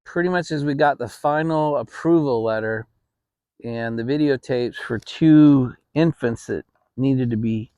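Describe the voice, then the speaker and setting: A middle-aged man hosting his own channel, telling a family story in a relaxed, rambling way with frequent restarts. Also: medium pitch, a little slow, clear, resonant tone, no echo. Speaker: channel host. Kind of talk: casual storytelling. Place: home, relaxed fireside setting.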